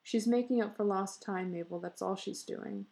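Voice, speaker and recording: A woman's voice: medium pitch, moderate pace, gravelly, warm tone, lightly acted. Woman reading as a pushy bearded husband. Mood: coaxing. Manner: boisterous, insistent. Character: bearded middle-aged husband, pushy and excitable.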